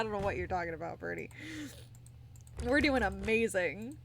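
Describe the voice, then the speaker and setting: A woman's voice: mid-range voice, lively intonation, slow, gravelly, pauses often, a bit bright, a little hiss or hum. A young woman streamer chatting casually with her viewers, giggly and a bit tired. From United States. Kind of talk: casual live-stream chat.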